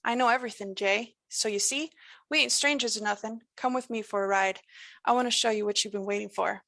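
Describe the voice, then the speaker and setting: A woman's voice: fairly high pitch, fairly quick, vocal fry, fairly bright tone, dry recording. A woman voicing a menacing supernatural male stranger with a folksy drawl and a lilting, sing-song way of talking. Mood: lilting, creepy.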